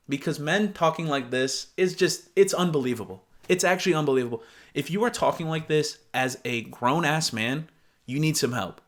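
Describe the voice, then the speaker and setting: Young man, slightly high pitch, casual reaction commentator, blunt and profane.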